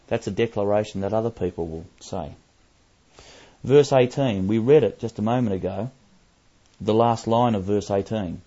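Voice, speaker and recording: A Bible teacher with a low, mellow, husky voice preaches a sermon from scripture, emphatic and slowing to repeat key phrases for weight. The recording sounds muffled and lo-fi.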